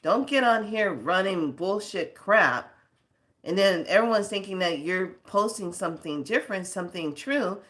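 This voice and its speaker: A woman's voice: mid-range voice, expressive, a little slow, fairly bright tone. A woman hosting a spiritual video channel, scolding her viewers in casual talk, rambling off on tangents and laughing between stories.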